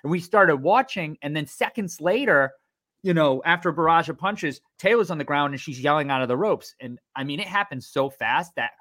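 A man tells a story in relaxed podcast talk with a higher-pitched voice. He is animated and acts out the lines of the people in his story. His manner is loose and conversational. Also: a little fast. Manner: animated, acts out what others said. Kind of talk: casual storytelling.

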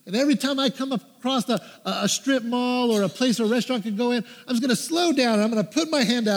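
A man's voice: very high voice, fast, in a large hall. A man preaching a story-driven sermon, acting out his own prayers and the advice people gave him. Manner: animated, acts out his own prayers and quotes. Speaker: pastor.

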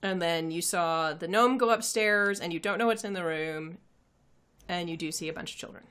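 A woman's voice: lowish voice, normal speed, a bit bright, clear, resonant tone. A woman narrating a tabletop game as game master, hesitant and full of fillers.

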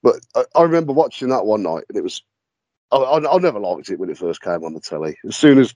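A man tells stories as a podcast guest. He laughs often and swears casually, and his pitch swings widely. The recording is dry and close. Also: big pitch swings, fast talker, a little mellow, dry recording, rough recording. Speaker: podcast guest, paranormal investigator.

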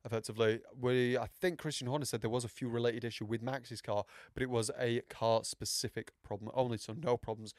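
A man's voice: mid-range voice, fairly even intonation, brisk, hardly any pauses, no room sound, clean studio sound. A young man hosting a casual podcast, rambling and self-mocking, with many fillers and restarts. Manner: puts on mock accents. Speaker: podcast host. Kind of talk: casual motorsport podcast chat.

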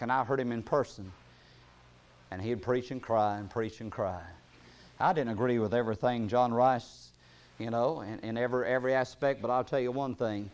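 Reading from scripture in an unhurried rhythm, a male preacher builds to forceful, loud high points before sinking into a quiet, gentle tone.

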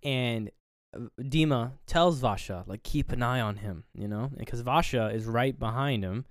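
A man's voice: medium pitch, moderate pace, no echo, clean studio sound. A man co-hosting a podcast, casually recapping a film and acting out characters' lines with loose swearing. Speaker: podcast co-host.

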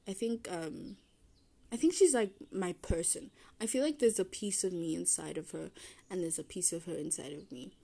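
A woman's voice: on the low side, dark tone. A young woman hosting a solo podcast, rambling casually, trailing off and correcting herself as she goes. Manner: meandering, self-deprecating, trails off and restarts. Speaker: podcast host.

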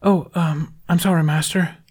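A man's voice: mid-range voice, moderate pace, darkish tone, husky, pitched above the performer's own voice, natural voice. A man voicing a young male Jedi apprentice who is earnest, polite and hesitant.

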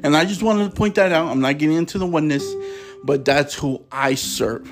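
A man's voice: fairly high pitch, a little fast, music in the background. A man hosting a preaching podcast, speaking with passion and stumbling a little when he reads scripture aloud.

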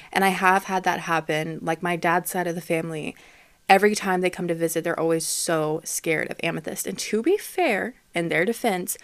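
A woman vlogger telling a casual, candid story, rambling with lots of "like" and some swearing. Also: lowish voice.

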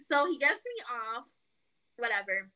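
A young woman co-hosting a casual podcast, telling a long story with animated quoting and lots of "like". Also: a little high, unhurried, slight background noise, poor audio. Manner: animated storytelling, acts out quotes, peppered with "like". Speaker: podcast co-host. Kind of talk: casual chat.

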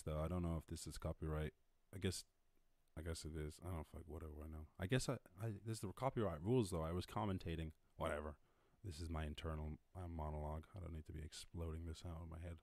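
Deep-voiced, rambling Irish man. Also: no echo, studio quality. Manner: rambling, profane, laughs at his own jokes. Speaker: podcast host. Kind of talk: casual livestream commentary.

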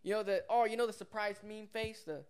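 Young man, slightly higher voice, laid-back and profane, co-host telling work stories. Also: fairly quick, smooth. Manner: laid-back, swears casually, mimics customers. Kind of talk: casual storytelling chat.

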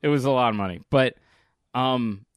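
A man's voice: mid-range voice, moderate pace, dry recording, studio quality. A man co-hosting a podcast, telling stories in easygoing casual chat and laughing often. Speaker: podcast co-host.

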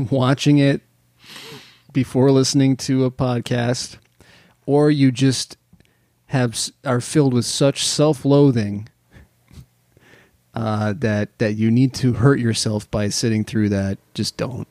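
A man's voice: medium pitch, fairly even intonation, slow, pauses often, darkish tone, no echo, clean studio sound. Profane, joking man on a podcast. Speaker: podcast co-host. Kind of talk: casual podcast chat.

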